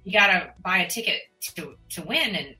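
Bright-voiced chatty woman podcast host. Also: on the low side, normal speed, soft background music, low-quality recording. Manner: chatty, animated, rambling. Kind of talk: casual interview chat.

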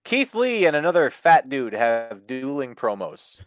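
A man hosting a casual wrestling review podcast, animated and profane, laughing often. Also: mid-range voice, unhurried, no echo, soft background music. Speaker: podcast host.

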